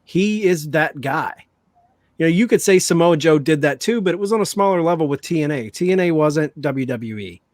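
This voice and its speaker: A man's voice: fairly high pitch, lively intonation, moderate pace, no echo. A man hosting a podcast, talking casually and thinking aloud as he builds his point. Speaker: podcast host. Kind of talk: casual panel chat.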